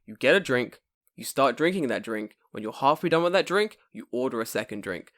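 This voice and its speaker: A man's voice: medium pitch, a little fast. Man, podcast co-host, loose and sweary, acts out stories, mid-range voice. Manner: animated, swears a lot, acts out quoted dialogue. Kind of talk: casual chat.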